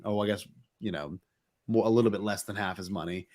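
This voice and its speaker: A man's voice: on the low side, fairly quick, darkish tone. A man chatting casually as a player in a tabletop game, eager and repeating himself. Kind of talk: casual role-play chat.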